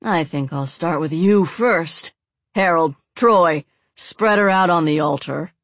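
A woman's voice: lowish voice, takes it slowly, dry recording. A woman voicing a hardened old male cult priest who speaks solemnly and gloats with cruel command. The recording is dry and close. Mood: gloating.

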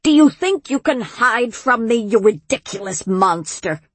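A woman's voice: mid-range voice, very animated, a little slow, slightly rough, no room sound. A woman voicing a bossy old witch who scolds and bellows at others in a storybook reading. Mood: scolding.

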